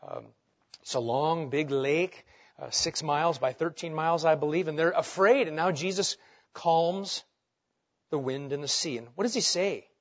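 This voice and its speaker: A man delivers a sermon in a fairly high voice, swinging from loud bursts to near-hushed lines. He asks his listeners rhetorical questions. The recording sounds a little dull and lo-fi. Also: normal speed. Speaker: pastor.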